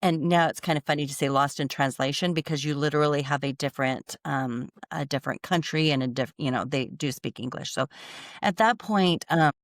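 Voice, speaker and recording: A woman's voice: low-pitched, a little fast, no room sound, clean studio sound. An American woman, a company CEO and podcast guest, telling earnest stories in conversation and acting out bits of dialogue, often restarting her sentences. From United States. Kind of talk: conversational interview storytelling.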